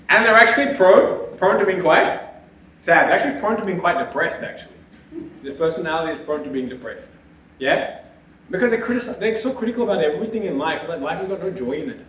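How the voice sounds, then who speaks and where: High-voiced man lecturing in an echoey hall. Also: a little hiss or hum. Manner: animated, laughs often, ends points with a questioning "yeah?". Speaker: spiritual teacher giving a talk. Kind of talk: lively lecture with anecdotes. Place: lecture hall at a festival symposium. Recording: very echoey hall, speaker far from the mic.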